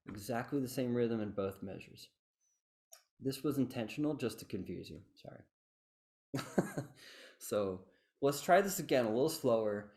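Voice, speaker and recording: Male fife teacher on a video call, medium pitch, counts in and chants syllables with inflection. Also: expressive, moderate pace, noisy background. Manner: chanting rhythm syllables with inflection, self-deprecating asides. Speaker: fife instructor. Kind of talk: online workshop lesson.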